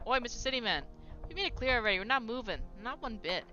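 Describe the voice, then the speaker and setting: Woman doing a cocky dwarf foreman guy, gruff, won't budge, game music going behind. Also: a little high, expressive, fast, sharp tone, voice pushed up. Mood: defiant. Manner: defiant, boastful. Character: defiant male dwarf foreman, gruff, stubborn. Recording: slightly dull stream audio with game music.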